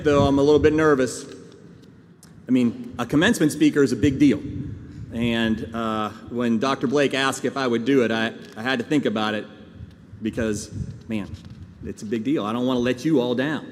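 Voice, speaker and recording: A man giving a commencement speech to graduates, earnest and folksy, with jokes and asides to the crowd. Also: mid-range voice. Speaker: commencement speaker. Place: large ceremony hall. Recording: reverberant hall sound with faint background noise.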